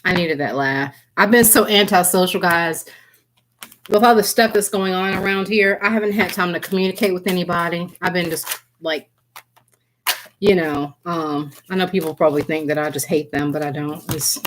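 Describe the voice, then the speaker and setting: A little hiss or hum sits under a woman's lowish, steady voice at normal speed. She reads tarot on a live stream, giggling, chatting, addressing her viewers by name, and she keeps breaking into laughter and apologizing.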